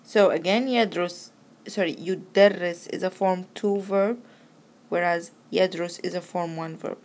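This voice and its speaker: A woman teaching an Arabic grammar lesson, patiently explaining verb patterns step by step and reciting conjugations slowly. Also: lowish voice, fairly even intonation, darkish tone. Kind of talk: recorded language lesson.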